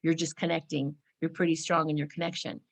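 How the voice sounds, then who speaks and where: A woman in her forties from California gives a casual spiritual talk to camera. Her voice sits a little low, and she keeps checking in with her listeners, breaking into playful exclamations now and then. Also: little pitch movement, a little fast, gravelly. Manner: chatty, frequent "right?" and "you know", acts out exclamations. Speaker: spiritual vlogger.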